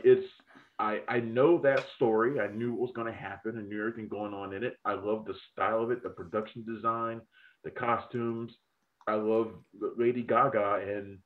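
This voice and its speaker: A man in casual review chat, rambling and profane as he gives strong opinions on films. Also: lowish voice. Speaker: film critic podcast host. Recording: tinny phone-like line.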